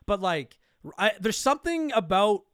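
A man hosting a casual podcast, excitable and swearing freely into a close mic. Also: high voice, moderate pace, smooth, no room sound. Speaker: podcast host.

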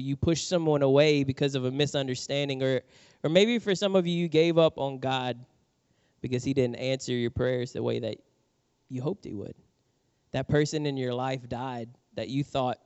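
A middle-aged man preaching a sermon, telling a personal story with animated acted-out quotes. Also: mid-range voice, normal speed, smooth, dry recording, muffled recording. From New Orleans, USA. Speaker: pastor.

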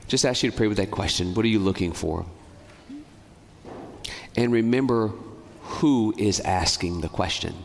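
Earnest priest preaching in a reverberant church. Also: male voice, fairly low pitch, creaky, slight background noise. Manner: earnest, pleading, speeds up and slows down. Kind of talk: sermon.

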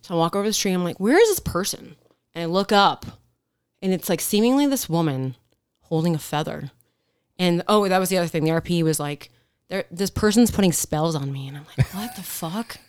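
A woman police officer telling stories in casual podcast chat, animated, acting out quotes and swearing freely. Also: on the low side, fairly quick, smooth, no room sound, clean studio sound.

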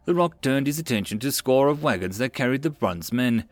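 Lively male audiobook narrator. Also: medium pitch, a little fast, dry recording.

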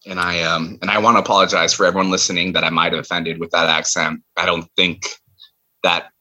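A man's voice: deep voice, little pitch movement, fast talker, sharp tone. A man in a casual podcast chat, talking in a sheepish, apologetic way.

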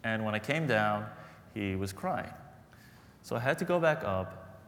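A man's voice: lowish voice, lively intonation, a little slow, fairly bright tone, long reverb tail, slight background noise. A man preaching a sermon as pastor, earnest and storytelling, repeating phrases for emphasis.

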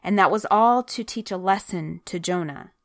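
A woman's voice: mid-range voice, normal speed, no room sound, studio quality. Earnest woman teaching a Bible study. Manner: earnest, chatty, reads scripture aloud. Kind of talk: conversational Bible study talk.

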